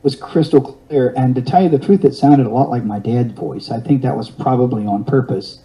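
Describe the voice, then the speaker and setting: A man's voice: medium pitch, moderate pace, warm tone, rough recording. A man in his fifties telling a long personal story in an interview, rambling along with restarts and wry, self-mocking humor. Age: 50s.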